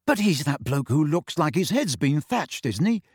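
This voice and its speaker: A man voicing an excitable, easygoing teenage schoolboy wizard who mutters conspiratorially in a storybook reading. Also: fairly high pitch, moderate pace, breathy edge, no room sound, clean studio sound, exaggerated voice.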